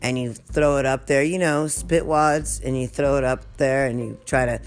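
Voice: mid-range voice, fairly even intonation, normal speed. A vlogger venting through a rambling storytime, swearing constantly and laughing through the telling.

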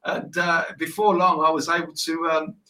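Bright man, off-mic. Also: fairly high pitch, little pitch movement, distant mic, poor audio. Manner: rambling, halting restarts. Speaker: guest, ringtone maker. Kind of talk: casual interview chat.

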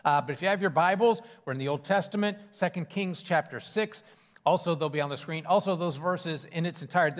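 A man's voice: on the high side, long reverb tail. A man preaching a sermon in a church, conversational with fillers and restarts. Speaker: pastor. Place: church sanctuary.

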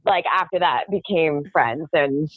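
A woman's voice: sits low, no room sound. Chatty woman on a tinny phone line. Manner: chatty, laughs often, quick storytelling. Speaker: guest, owner of a kids baking party business. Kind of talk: casual interview chat. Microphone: phone call.

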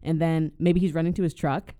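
Guy cohosting a podcast, laughs constantly, swears, gets really animated. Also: a little high, fairly quick, smooth. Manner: animated, laughs often, acts out characters' lines. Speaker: podcast co-host. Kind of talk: casual profane chat.

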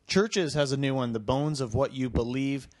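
A man's voice: medium pitch, moderate pace, darkish tone, dry recording, clean studio sound. A man hosting a casual podcast, reading music news and joking, laughing often. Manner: laughs often, jokey, swears. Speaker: podcast host.

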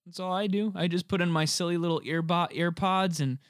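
A young man chatting casually about a movie, animated and joking, swearing freely. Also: sits high, smooth, no echo, studio quality. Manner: animated, swears freely, quick jokey asides.

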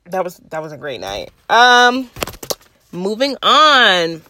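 A woman's voice: medium pitch, huge pitch swings, takes it slowly, sharp tone, slight background noise. Blunt, foul-mouthed young woman ranting. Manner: blunt, profane, chatty rants; laughs at herself mid-sentence. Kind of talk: casual talk to camera.

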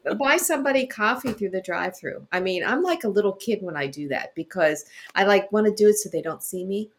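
A woman guest telling lively stories in casual chat, laughing often. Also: mid-range voice, fairly quick. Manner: animated storyteller, laughs often.

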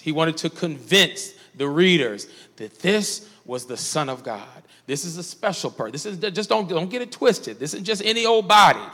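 A bright, high-pitched man leads a Bible study as pastor. He reads scripture and calls out to his class in a call-and-response way. His voice rings with long reverb from a church hall. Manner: call-and-response preaching, coaxing the class along.

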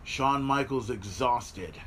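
A man hosting a podcast, giving excited watch-along commentary on a replay, swearing freely and yelling at the big moments. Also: mid-range voice, takes it slowly, a little hiss or hum. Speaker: podcast host. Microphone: podcast mic.

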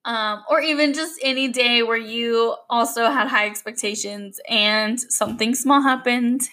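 A young adult woman hosts a podcast, telling a story in a chatty, rambling casual monologue. Her voice is a little high, unhurried, pushed, and bright.

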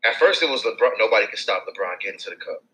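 A man co-hosting a casual sports podcast, excitable and building his arguments with rising emphasis. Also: fairly low pitch, very fast, poor audio. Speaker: podcast co-host.

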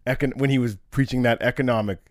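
A man co-hosting a casual podcast chat, walking through history in a relaxed conversational way. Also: medium pitch, fast, no echo, studio quality. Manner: explains history conversationally, with restarts and fillers. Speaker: co-host.

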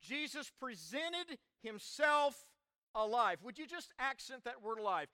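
High bright-voiced man preaching a sermon. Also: big pitch swings, a little slow, clear, resonant tone, no echo, studio quality. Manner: dramatic preacher, swings from soft to loud. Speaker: pastor.

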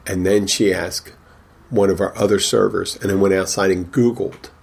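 A man with a very low, husky voice tells a long anecdote from behind the bar. He rambles and restarts, acting out the back-and-forth with customers in a casual, conversational way. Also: fairly even intonation, moderate pace, darkish tone. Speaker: bartender. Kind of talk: casual storytelling.

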